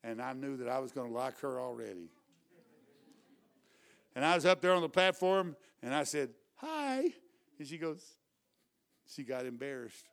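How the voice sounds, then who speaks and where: A man preaching a revival sermon with a drawl. His voice sits high and comes through smooth and clear. He moves from hushed storytelling to loud, fervent exhortation.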